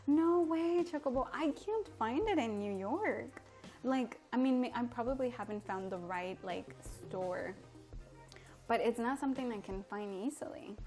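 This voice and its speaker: A woman's voice: on the high side, animated, measured pace, a little mellow, faint music behind. A young woman from Mexico, chatting casually and giggling as she cooks and answers viewer comments on a home livestream. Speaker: livestream host. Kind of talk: casual live-stream chat while cooking. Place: home kitchen.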